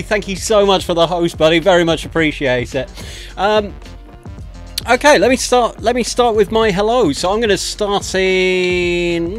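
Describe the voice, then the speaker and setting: A man hosting a livestream, chatting casually and self-deprecatingly as he greets viewers one by one, close to a desk microphone. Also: sits high. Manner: chatty, self-deprecating, frequent laughs and thank-yous. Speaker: livestream host. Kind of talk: casual chat to stream viewers.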